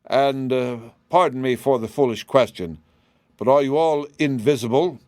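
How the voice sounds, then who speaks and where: A man reading an audiobook, voicing a small older male wizard who speaks soberly and courteously, sometimes halting. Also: mid-range voice, a little mellow, no room sound, clean studio sound, lightly acted.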